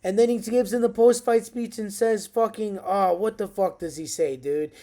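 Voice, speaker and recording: A man in his thirties giving an excitable, profanity-heavy casual recap of a fight night as a vlogger. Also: sits high, normal speed. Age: 30s.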